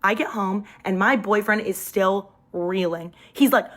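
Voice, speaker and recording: Recorded on a phone mic, a young woman tells a personal story in casual storytime style. She is lively and her pitch jumps up whenever she quotes someone, while her pace stays measured with few pauses.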